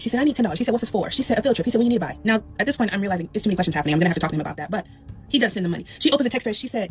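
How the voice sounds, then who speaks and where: A sassy mother races through a funny story about her daughter and switches voices for each person in it. Her pitch jumps all over as she talks, and her voice sits a bit high. Faint music runs underneath. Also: rapid-fire. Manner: animated, sassy, acts out voices. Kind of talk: comedic storytelling.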